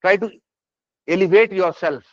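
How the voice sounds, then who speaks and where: Man, Indian English accent, teacher, high voice, dry dull recording. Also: moderate pace, dry recording. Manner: repeats "yes or no?" and "is this part clear?" checks; many fillers and restarts, emphatic. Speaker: essay strategy teacher. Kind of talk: classroom lecture. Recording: dry, slightly dull lo-fi sound.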